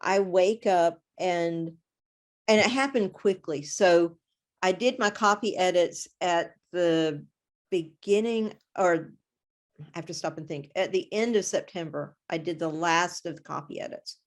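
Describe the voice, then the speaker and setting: A woman's voice: lowish voice, a little slow. A woman author being interviewed, chatting casually and acting out her own reactions as she tells a story. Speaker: guest author.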